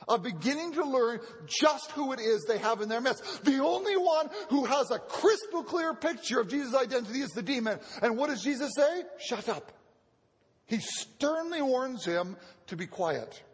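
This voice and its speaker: A man with a very high, husky voice preaches a sermon, teaching earnestly and doubling back on his words as he goes. His voice rings out with a long hall reverb around it. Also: big pitch swings, normal speed. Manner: earnest teaching, often repeats words as he restarts. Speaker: pastor.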